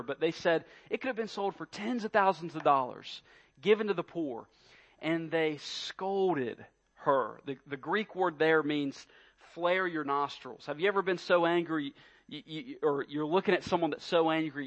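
A man's voice: a little high, normal speed, a bit bright. A man preaching a sermon, emphatic and full of rhetorical questions, often repeating his words. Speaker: pastor.

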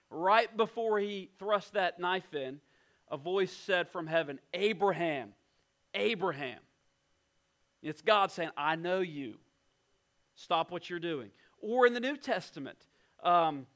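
A man preaching a sermon as pastor, emphatic, slowing down and dropping to a hush on key points. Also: high voice. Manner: emphatic, slows down and drops to a hush for weight. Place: church in West Virginia.

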